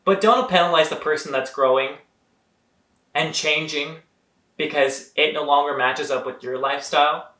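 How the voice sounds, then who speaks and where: A man's voice: a little high, fairly even intonation, normal speed, pushed and bright, echoey room, slight background noise. A young man giving an earnest, motivational vlog monologue, talking straight to his viewers and calling them guys. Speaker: vlogger.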